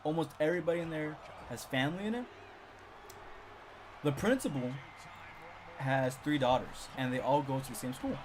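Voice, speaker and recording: A young man telling a story from his school days in a casual, animated way, growing loud and excited as he rants. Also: a little high, normal speed, long pauses, slight background noise. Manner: animated, gets loud and excited when ranting. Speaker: storytime streamer.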